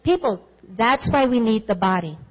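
A high-voiced, middle-aged woman gives a personal testimony sermon at a church service. She tells her stories with animation and acts out the voices in them. The recording sounds a little dull and muffled. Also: normal speed. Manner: animated storytelling, acting out quoted dialogue.

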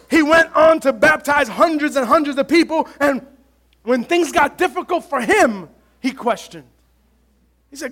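A man's voice: very high voice, animated, a little slow, long pauses, a bit bright. A male pastor preaching a sermon to his congregation, impassioned and calling out to the church.

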